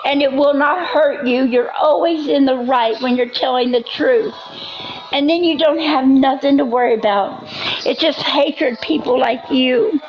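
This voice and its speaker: A hoarse woman on a livestream, talking in an agitated, repetitive way, often yelling and then praying. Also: high voice, lo-fi sound. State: hoarse, coughing. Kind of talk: emotional livestream rant.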